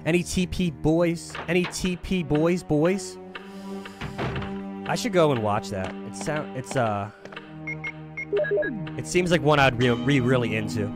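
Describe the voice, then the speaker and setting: This gaming streamer from around Philadelphia speaks on the high side, unhurried and pausing often. Over game music he chats loosely, cracking jokes, cursing heavily, wandering off topic, and humming under his breath.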